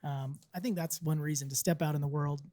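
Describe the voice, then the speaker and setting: A man's voice: on the high side, steady tone, a little fast, warm tone, dry recording. A man co-hosting a casual podcast chat, sharing opinions as he thinks aloud. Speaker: podcast co-host.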